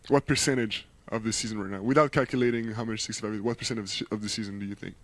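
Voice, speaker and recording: A man co-hosting a casual sports talk show, speaking in a measured, thoughtful and slightly hesitant way. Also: fairly low pitch, steady tone, fairly bright tone, no echo.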